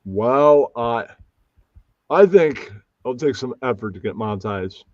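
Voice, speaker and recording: A man's voice: medium pitch, lively intonation, slow, a little mellow, dry recording, dull audio. A man hosting a casual live stream, rambling and often losing track of names. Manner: rambling, loses names, puts on mocking voices. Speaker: stream host.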